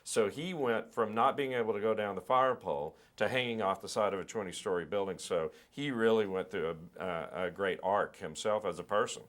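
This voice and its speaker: In a relaxed interview, a middle-aged male film director explains things at length and thoughtfully, often restarting and repeating words. His voice sits on the low side, and he talks fairly quickly with few pauses.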